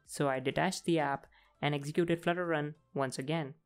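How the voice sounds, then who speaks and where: A man's voice: on the high side, steady tone, normal speed, clean tone, faint music behind. A man hosting a programming tutorial, casually talking through each coding step as he types, with frequent fillers. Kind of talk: casual screen-recorded coding walkthrough.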